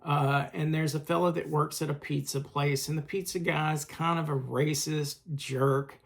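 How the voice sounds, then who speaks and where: A man hosting a casual video review of films, talking in a halting way with many filler pauses and a collector's enthusiasm. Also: fairly high pitch, fairly even intonation, vocal fry. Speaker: film channel host.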